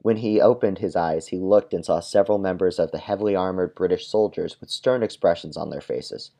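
A man on a podcast reading a dark comic story in a deadpan way and chatting with chuckling asides. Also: low voice, fairly quick, vocal fry.

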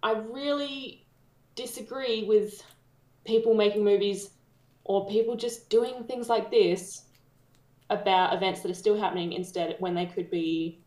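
A woman's voice: mid-range voice, a little slow, a little mellow, reverberant. A woman with an Australian accent co-hosting a podcast, ranting bluntly and swearing freely in casual chat. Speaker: podcast co-host.

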